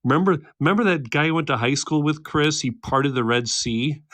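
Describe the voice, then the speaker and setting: Sitting indoors at home beside a candle, a US livestream host in his thirties reads out viewer comments, teases people, and laughs a lot in a relaxed chat. His voice is fairly high-pitched and a bit bright, with no echo.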